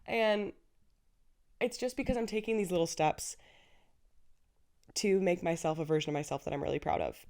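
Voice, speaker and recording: A woman's voice: fairly low pitch, normal speed, long pauses, darkish tone. A woman in her twenties hosting a casual solo podcast, chatty and effusive, laughing often. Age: 20s. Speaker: podcast host.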